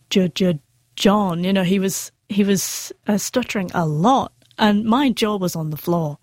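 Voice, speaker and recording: A woman's voice: medium pitch, darkish tone, dry recording. A middle-aged woman who stutters, telling her personal story candidly as an interview guest. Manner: stutters with sound repetitions, candid and earnest.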